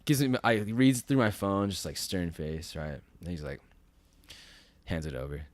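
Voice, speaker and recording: Lively low-voiced man telling a story. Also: a little slow, dry recording. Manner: animated, acts out quotes with big jumps in pitch. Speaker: podcast guest. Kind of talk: casual storytelling.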